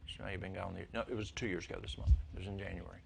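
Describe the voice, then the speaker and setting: An older man telling folksy stories to a church congregation, his voice jumping high when excited. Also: rapid-fire, creaky, a little hiss or hum. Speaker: lay speaker at church. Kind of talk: storytelling talk to a congregation.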